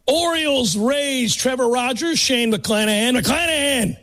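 High-voiced man reading a sports lineup. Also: animated, unhurried, a bit bright, dry recording. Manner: rattles off lists with playful emphasis. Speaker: podcast co-host. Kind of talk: casual sports chat.

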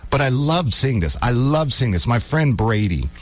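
A man's voice: mid-range voice, moderate pace, no echo. A man hosting a radio talk show, chatting casually and telling stories with playful repetition. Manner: animated storyteller, repeats words for comic effect. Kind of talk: casual on-air chat. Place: radio studio.

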